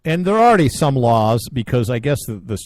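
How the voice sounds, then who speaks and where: A jokey, agreeable man co-hosting a casual talk show, his pitch moving a lot. The sound is dry and close to the mic. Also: very animated, fairly quick, dry recording. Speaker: podcast co-host. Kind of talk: casual chat.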